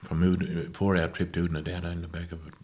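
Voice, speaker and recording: A man, a guest musician, recalling his past in a casual interview with unhurried, halting, self-correcting speech. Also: low voice, little pitch movement, darkish tone. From Australia.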